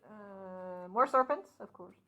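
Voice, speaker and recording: A woman's voice: medium pitch, slow pace, bright, forceful tone, highs cut off. A woman in a casual book club chat, retelling scenes and laughing often.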